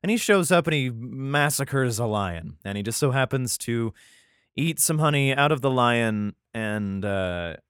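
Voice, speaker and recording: A man's voice: mid-range voice, lively intonation, measured pace, fairly bright tone, clean tone, dry recording, studio quality. A man hosting a casual podcast who reads aloud and comments in profane, rambling, exasperated asides. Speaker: podcast host. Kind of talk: casual Bible reading podcast.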